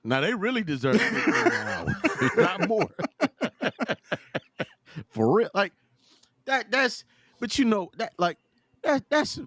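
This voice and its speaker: A man hosting a loose podcast chat, swearing freely and breaking into laughter. His pitch jumps around with lively energy. The sound is dry and close. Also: no room sound. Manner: profane, animated, laughs often. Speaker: podcast host.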